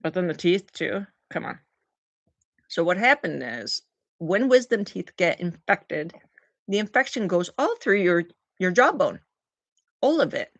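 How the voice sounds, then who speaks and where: Animated woman chatting on a live stream. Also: on the low side, unhurried, pauses often, no room sound. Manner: animated storyteller, acts out quotes in big voices. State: recovering from oral surgery. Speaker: livestreamer thanking viewers for gifts. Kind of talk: casual live-stream chat.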